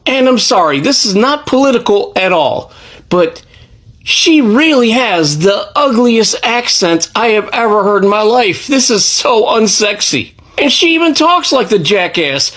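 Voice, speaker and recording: A woman tears into her subject in a sarcastic, scornful rant, her voice swooping high and low. She mocks and heckles with barbed rhetorical questions. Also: very animated, moderate pace. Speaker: commentator reacting to a clip. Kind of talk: ranting reaction commentary.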